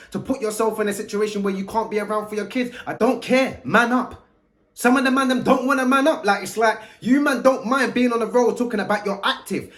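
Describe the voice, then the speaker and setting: A man's voice: high voice, fairly bright tone. Blunt man preaching in slang. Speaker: youth mentor. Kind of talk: direct-to-camera monologue.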